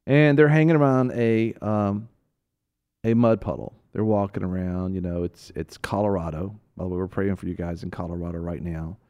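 A man with a fairly low voice co-hosting a Christian talk show. He teaches through casual, animated stories and often breaks into laughter. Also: normal speed, highs cut off. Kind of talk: casual Bible teaching chat.

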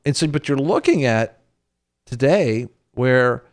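A man who works in ministry, talking about faith in a relaxed, conversational way and acting out quoted lines. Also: medium pitch, slow pace. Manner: animated, acts out quoted voices. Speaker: minister on a faith talk show. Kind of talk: conversational preaching.

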